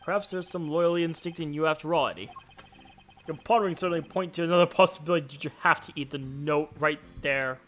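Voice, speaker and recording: Reading game dialogue aloud, a man voices a composed male prosecutor who reasons through the case in a measured way. His voice is a little high and a bit bright, and the acting is light.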